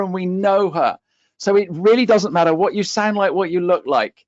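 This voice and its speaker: A man's voice: high-pitched, normal speed, no echo, muffled recording. A man with a West Country accent coaching on a webinar panel, emphatic and driving his points home with "okay?". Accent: West Country English. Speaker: LinkedIn coach for accountants.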